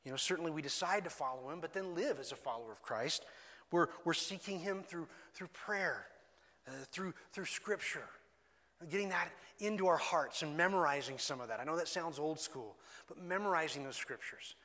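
Bright-voiced pastor preaching in a reverberant hall. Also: male voice, fairly high pitch, normal speed. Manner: earnest, conversational preaching with repeated restarts. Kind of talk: sermon.

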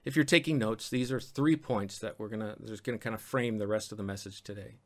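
Animated male pastor preaching. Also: on the low side, fairly quick. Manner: lively, animated delivery with playful asides. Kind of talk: sermon.

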